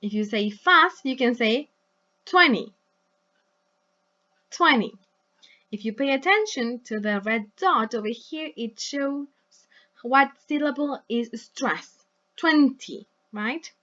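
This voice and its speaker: Slow, patient woman teacher. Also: fairly high pitch, expressive, sharp tone, dull audio. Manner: patient, checks in with "right?" and "yes?"; models words slowly for repetition. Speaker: English teacher. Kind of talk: recorded online lesson.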